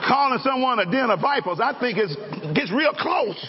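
High, animated preacher in an echoey hall. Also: male voice, normal speed, background noise. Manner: lively, joking, calls out to the congregation. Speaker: pastor. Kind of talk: sermon. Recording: echoey hall, dull lo-fi sound.

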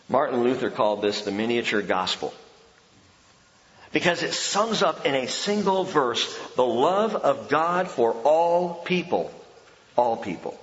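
A man's voice: mid-range voice, big pitch swings, a little slow, fairly bright tone. A man, a pastor and Bible teacher, preaching a sermon in a conversational, emphatic way with rhetorical questions. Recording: echoey hall, dull lo-fi sound.

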